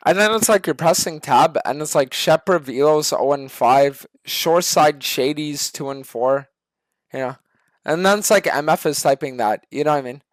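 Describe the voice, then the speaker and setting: A young man streaming a game, ranting to his chat in a profane, exasperated way that swings from shouting to muttering. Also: on the high side, normal speed, no echo.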